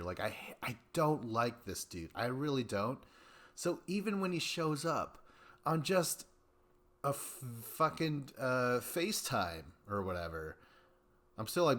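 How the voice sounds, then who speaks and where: A man's voice: lowish voice, big pitch swings, moderate pace, fairly bright tone. Rambling, swearing man recapping a show. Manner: rambling, profane, acts out quotes in mocking voices. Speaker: podcast host. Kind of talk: casual recap commentary.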